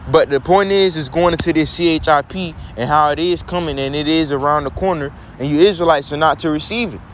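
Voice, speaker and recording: A man's voice: fairly high pitch, a little fast, a bit bright, a little hiss or hum. A man teaching from scripture in a preaching manner who keeps asking rhetorical questions.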